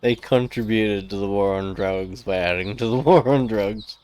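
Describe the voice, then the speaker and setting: A man's voice: on the low side, normal speed, a little mellow, clear, resonant tone. A young Australian man streaming a game, chatting casually, joking, swearing freely and laughing often. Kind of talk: casual gameplay commentary.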